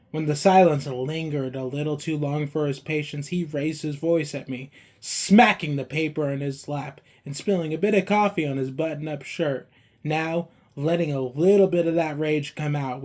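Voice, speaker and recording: A man's voice: a little high, darkish tone. A man narrating a first-person audiobook in a gritty, colloquial storytelling manner. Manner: gritty, colloquial storytelling with a coarse folksy edge.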